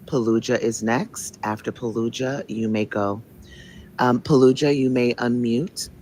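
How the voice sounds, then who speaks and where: A man's voice: medium pitch, fairly even intonation, unhurried, darkish tone, poor audio. A man hosting a live call-in stream, firmly keeping order and giving instructions. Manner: firm, orderly, gives instructions. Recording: faint background noise.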